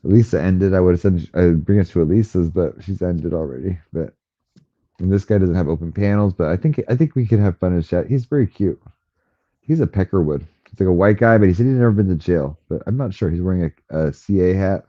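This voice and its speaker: A man hosting a casual livestream from home, chatting loosely with his viewers, heard through a slightly muffled headset mic. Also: brisk. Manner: rambling, chatty, coos at his cat in a high baby voice. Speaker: livestream host. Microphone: headphone mic, a bit muffled.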